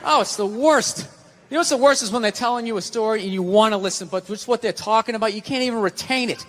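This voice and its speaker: A man's voice: high-pitched, quick pace, a crowd in the background, noisy background. Ranting, sardonic stand-up comic man. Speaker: stand-up comedian. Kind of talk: stand-up comedy.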